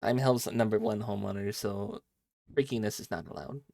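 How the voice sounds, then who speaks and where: A man's voice: lowish voice, steady tone, fairly quick, vocal fry, a little mellow, dry recording, studio quality. Playful man chatting on a headset. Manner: chatty and playful, reacting to chat as he plays. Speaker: streamer. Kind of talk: casual live game-stream chat with viewers.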